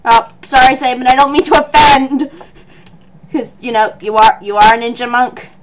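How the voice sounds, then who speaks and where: A woman playing a video game for a let's play, excitable and loud, yelling at the screen, swearing, and mumbling through on-screen text. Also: high-pitched, moderate pace, heavy background noise. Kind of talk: excited gaming commentary.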